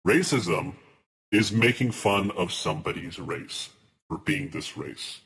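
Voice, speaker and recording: A man hosting a live reaction stream and talking directly to his chat. He argues his points deliberately, breaks off and restarts words, and his pitch rises and falls widely. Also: lively intonation, fairly bright tone, a little hiss or hum. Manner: deliberate, restarts mid-word while arguing a point.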